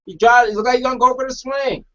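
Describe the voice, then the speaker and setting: High-pitched male co-host, emphatic casual chat, dull muffled sound. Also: fairly even intonation, fast, fairly bright tone. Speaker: wrestling talk show co-host.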